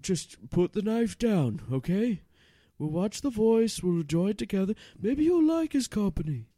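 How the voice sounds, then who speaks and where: A man's voice: sits high, sing-song, normal speed, dark tone, dry recording. A man playing Harold, an awkward dad who stammers and fumbles to please, in an improvised comedy scene. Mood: flustered. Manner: flustered, stammering. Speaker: comedy podcast host.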